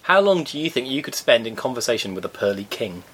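Lively, wry man. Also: mid-range voice, fast talker, slightly rough. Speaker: podcast co-host. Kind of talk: casual chat.

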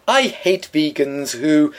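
Male podcast co-host with a slightly high-pitched voice. Dry, opinionated, deliberate. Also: big pitch swings. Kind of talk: casual chat. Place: studio.

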